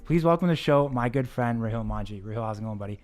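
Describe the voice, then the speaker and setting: A man hosting an interview show, relaxed and conversational, who talks around his questions before asking them. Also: medium pitch, fast talker, faint music behind. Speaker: podcast host. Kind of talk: casual interview.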